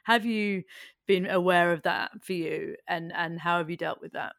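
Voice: medium pitch, steady tone, moderate pace, gravelly, fairly bright tone, no echo, studio quality. A podcast host asking thoughtful, reflective questions in a conversational way. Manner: thoughtful, reflective, hesitant restarts.

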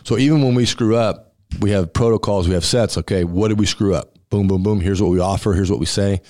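Low-voiced male restaurant owner, blunt and emphatic, casual interview storyteller. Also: a little fast, darkish tone. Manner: emphatic and blunt, acting out dialogue with laughs. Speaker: restaurant owner and former college football center.

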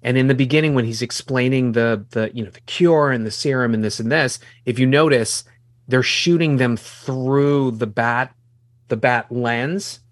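Animated man talking film, dry sound. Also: mid-range voice, normal speed, dry recording. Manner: animated, swears casually. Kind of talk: casual film discussion.

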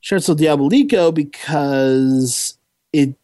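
A man's voice: a little high, slow, dark tone, dry recording. A man co-hosting a podcast, giving a casual, enthusiastic film review that rambles and restarts often.

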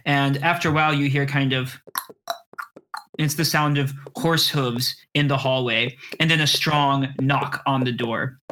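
A man narrating as game master for a fantasy tabletop game, describing scenes with a playful touch. His voice is bright and clear at an ordinary pitch. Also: fairly even intonation, a little slow.

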